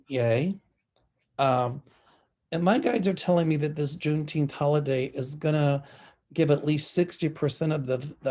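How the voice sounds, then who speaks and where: A man's voice: medium pitch, a little mellow. A man from the South with a Southern American accent, a psychic talking through his predictions in a casual, opinionated monologue, chatty and scornful with many ums. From Southern United States.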